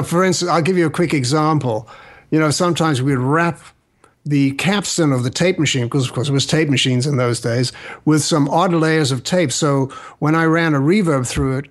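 An older man, a recording engineer, telling studio anecdotes in a lively way on a radio interview, even imitating sounds. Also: on the high side.

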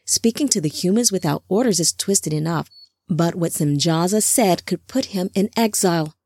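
A woman's voice: on the low side, normal speed, darkish tone, no echo. A woman voicing an earnest, worried male angel who speaks urgently and a little indignantly, in a storybook reading.

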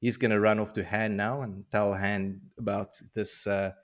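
A man co-hosting a podcast, casually recapping a book chapter as an animated, slangy storyteller. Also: on the low side, moderate pace. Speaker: podcast co-host.

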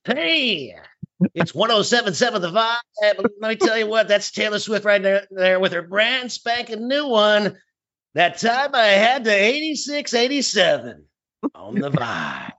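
A man's voice: high-pitched, very animated, a little slow, bright, forceful tone, pitched above the performer's own voice, exaggerated voice. A man doing an over-the-top voice of a male radio DJ announcer. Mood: hyped. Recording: dull lo-fi sound.

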